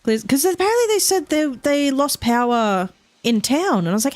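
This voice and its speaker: A woman's voice: high-pitched, sing-song, moderate pace, no echo. A woman streamer chatting casually while playing a game at home, rambling, swearing often and laughing a lot.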